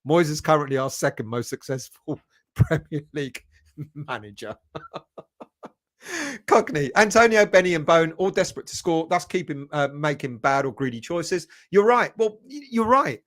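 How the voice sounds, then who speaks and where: A man's voice: a little high, animated, unhurried, fairly bright tone. A man hosting a football fan live stream, casually chatting, reading viewer comments aloud and greeting them by name with a chuckle. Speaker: football fan channel host.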